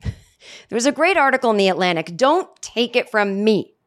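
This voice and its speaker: A woman's voice: a little high, big pitch swings, moderate pace. A middle-aged woman hosting a solo comedy podcast, talking into a studio microphone in a sarcastic, rambling way full of self-deprecating asides. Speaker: podcast host.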